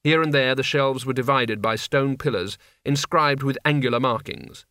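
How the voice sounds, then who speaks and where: Measured male audiobook narrator. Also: medium pitch, sharp tone, no room sound, clean studio sound. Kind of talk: scripted narration.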